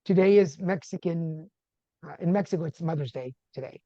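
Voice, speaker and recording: A man from Texas, a podcast guest, telling a personal story in a relaxed conversational way and acting out the voices of people he quotes. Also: fairly high pitch, moderate pace, no echo, highs cut off. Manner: animated, acts out quoted dialogue.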